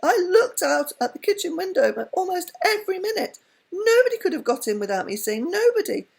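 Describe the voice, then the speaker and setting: A woman voicing a devoted, fretful old housekeeper who speaks in a high, anxious, pleading way. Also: sing-song, fairly quick, creaky, a little mellow, heavily acted. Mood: distressed.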